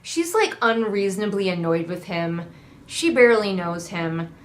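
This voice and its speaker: Sarcastic lady ranting about a book she hates, swears a lot, mid pitch. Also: animated, moderate pace. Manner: sarcastic, swears freely, mocks characters in voices. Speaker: book reviewer. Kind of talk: casual book critique.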